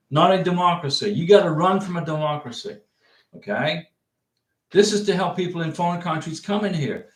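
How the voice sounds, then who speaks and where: A man's voice: a little high, roomy sound. A man hosting a livestream, chatting casually and answering viewer comments, rambling and repeating his points emphatically. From United States. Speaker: livestream host giving visa advice.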